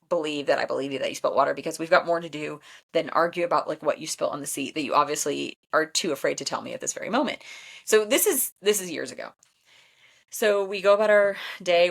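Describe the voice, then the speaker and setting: A woman in her thirties hosting a podcast, telling a story in a blunt, animated way and laughing often. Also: low voice, creaky. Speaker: podcast host and Enneagram coach. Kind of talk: casual storytelling chat.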